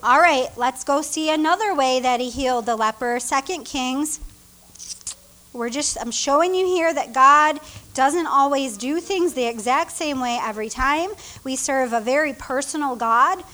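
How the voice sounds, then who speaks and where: A woman pastor preaching a sermon, reading scripture aloud and acting out the people in it with animated delivery. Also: high-pitched, measured pace. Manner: animated, reads scripture aloud, acts out characters, laughs often.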